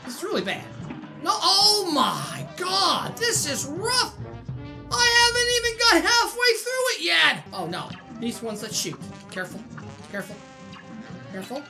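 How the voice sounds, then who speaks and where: A woman hosting a gaming channel, giving excitable, exclaiming let's-play commentary as she plays. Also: extremely high pitch, a little slow. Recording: game music under voice.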